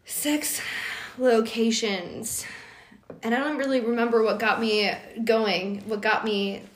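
Playful, higher-voiced woman in an echoey room. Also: steady tone, slow pace. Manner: playful, giggly, profane. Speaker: podcast co-host. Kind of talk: casual explicit chat.

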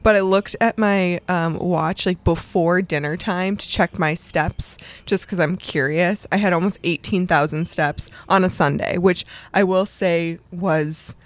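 A woman's voice: fairly low pitch, unhurried, hardly any pauses. A young adult woman co-hosting a casual podcast, chatty, laughing often and acting out her own remarks. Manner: chatty, laughs often, quotes herself in lively voices. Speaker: podcast co-host. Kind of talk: casual chat. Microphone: studio microphone.

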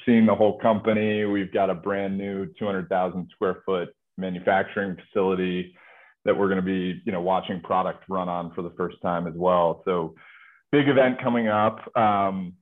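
A man with a very low voice speaks as a company executive in an interview. He talks easily, with lots of filler phrases. The sound comes through a thin, phone-like line. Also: normal speed. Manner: relaxed, full of filler phrases. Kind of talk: conversational interview answers.

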